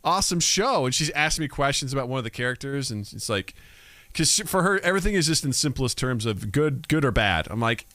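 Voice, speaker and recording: A man's voice: mid-range voice, fast, dry recording. A man in his thirties co-hosting a podcast, chatting casually and acting out family conversations as he tells stories. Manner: animated storyteller acting out family dialogue. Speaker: podcast co-host. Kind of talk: casual chat.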